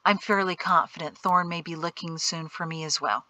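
A woman reading aloud voices a calm, knowledgeable male guide who explains things steadily. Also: a little high, normal speed, dry recording, dull audio.

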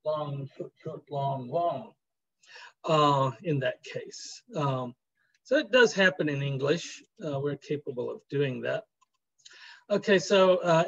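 Guy teaching a class, chatty and jokey, fairly high voice, kinda muffled recording. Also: breathy edge. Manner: chatty, jokey, many fillers. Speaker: professor. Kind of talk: university lecture.

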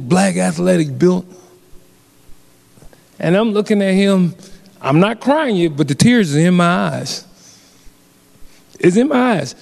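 An earnest man with a slightly high voice tells a personal story at a community forum. He speaks haltingly and often restarts and repeats his phrases. His voice carries a long reverb from a large hall. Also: darkish tone.

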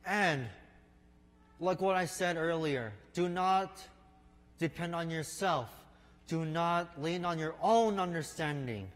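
A man preaching a sermon in an unhurried storytelling way, speaking to listeners as his friends. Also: fairly high pitch. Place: church sanctuary. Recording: long reverb of a large hall.

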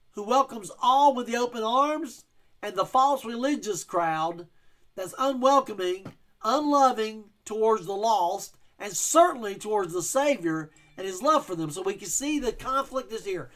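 A man's voice: extremely high pitch, fairly bright tone. A male pastor giving a verse-by-verse teaching sermon, explaining scripture and reading King James wording with emphasis.

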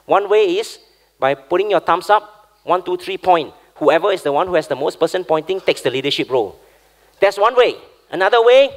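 High-voiced energetic male workshop facilitator. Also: moderate pace. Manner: energetic, keeps asking "okay?". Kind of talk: live workshop coaching.

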